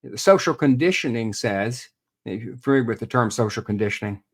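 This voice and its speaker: A man's voice: mid-range voice, lively intonation, a little fast. A man, a real estate expert guest on a podcast interview, explaining earnestly and repeating words as he thinks.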